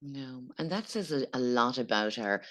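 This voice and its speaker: A woman's voice: a bass voice, lively intonation, normal speed, a bit bright. A woman hosting a podcast, speaking reflectively in casual interview chat. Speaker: podcast host.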